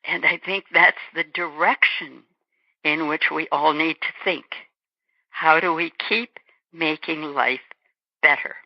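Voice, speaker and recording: A woman's voice: low voice, takes it slowly, no echo. A woman in her eighties, born in Germany, speaking as an interview guest in a reflective, earnest way. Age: 80s. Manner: reflective, earnest, acts out small quoted remarks. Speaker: guest author. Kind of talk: interview conversation. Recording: dull lo-fi radio recording.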